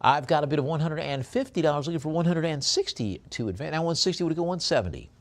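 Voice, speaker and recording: A man working as an auctioneer, calling bids in a brisk rhythmic chant and adding chatty asides about the lots. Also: animated. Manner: drops low and soft on a coaxing "please". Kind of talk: live auction bid calling.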